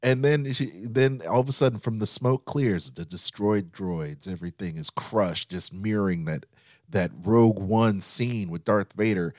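A man in his thirties, co-hosting a chatty podcast, telling stories with excitement and acting out quotes. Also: lowish voice, moderate pace, dry recording, clean studio sound. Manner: excited storytelling, acts out quotes. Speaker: podcast co-host. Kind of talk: casual chat.

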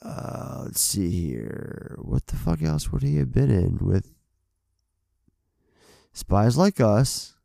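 A man's voice: medium pitch, big pitch swings, slow, gravelly, pauses often, warm tone, dry recording, clean studio sound. A man co-hosting a podcast in casual, rambling chat, swearing freely and poking fun at himself. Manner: profane, rambling, self-deprecating. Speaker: podcast co-host.

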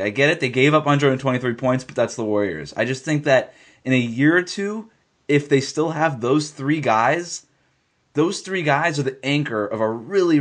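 A man with an ordinary mid-pitched voice talks basketball on a podcast. He argues his case emphatically, circling back to the same lines to stress them. His delivery is casual but insistent. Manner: emphatic, repeats points for stress. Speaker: sports podcast co-host. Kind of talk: casual sports talk.

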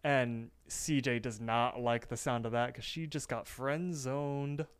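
Male co-host, casual recap, smooth clear voice, average pitch. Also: a little slow. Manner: animated storyteller with many fillers. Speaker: podcast co-host.

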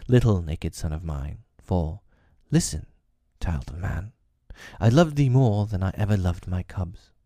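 A man's voice: sits low, lively intonation, measured pace, mellow, no room sound. A man voicing an affectionate, tender mother wolf. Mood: loving.

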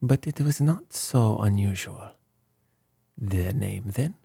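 A man's voice: on the low side, expressive, slow pace, vocal fry, warm tone, husky, dry recording, studio quality, exaggerated voice. A man playing a fussy, precise old detective. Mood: explaining. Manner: formal, mildly reproachful.

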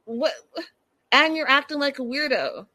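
A woman's voice: high voice, lively intonation, a little slow, pushed and bright, dry recording. A young woman recapping a reality show in a chatty, incredulous way, talking straight to her viewers. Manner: chatty, incredulous, addresses viewers as "you guys". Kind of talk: casual recap commentary.

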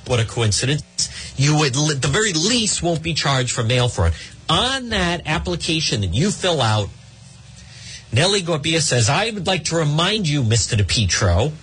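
A man's voice: a little high, breathy edge. A middle-aged man hosting a talk radio show, ranting sarcastically and rambling through live ad reads into a studio mic. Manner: animated, sarcastic, rambling, mock-exasperated.

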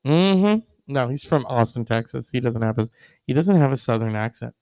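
A man's voice: mid-range voice, brisk, darkish tone, no room sound, rough recording. A man hosting a casual online show, rambling with many fillers and wry asides.

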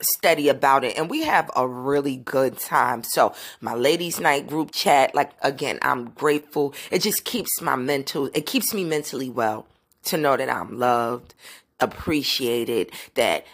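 Woman, podcast host, low pitch, husky tone, chatty and candid. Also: measured pace. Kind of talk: casual solo chat.

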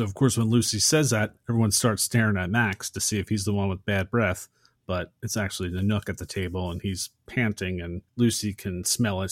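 A man co-hosting a film podcast, retelling a movie scene in a casual, animated way and acting out the characters' lines. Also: fairly low pitch, no echo, studio quality. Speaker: podcast co-host.

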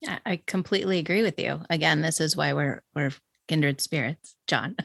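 A woman's voice: low voice, moderate pace, creaky, breathy edge, dry recording, studio quality. A woman hosting a podcast interview, affirming and grateful toward her guest. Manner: warm, affirming. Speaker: podcast host. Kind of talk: interview conversation.

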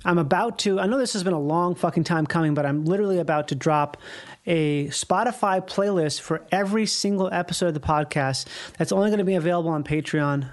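A man's voice: a little high, fast. A man hosting his own podcast in a casual solo monologue, rambling and swearing freely with frequent chuckles. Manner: rambling, profane, laughs between phrases. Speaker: podcast host.

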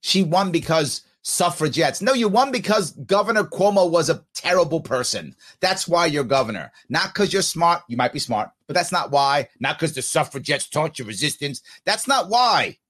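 A man's voice: on the high side, big pitch swings, normal speed, hardly any pauses, a bit bright. A man with a New York accent, hosting a podcast and giving blunt, scornful live commentary over clips of a speech. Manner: blunt, scornful, heats up as he talks.

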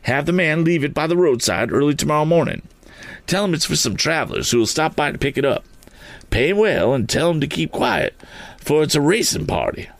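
A man's voice: on the high side, very animated, brisk, vocal fry, no echo, voice pushed up. Man doing a decisive balloonist captain. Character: confident male balloonist giving plans.

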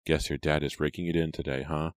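A man's voice: extremely low pitch, flat delivery, quick pace, no room sound, clean studio sound. A man reading an audiobook, voicing an eager, grinning teenage boy who talks in an easygoing, chummy way.

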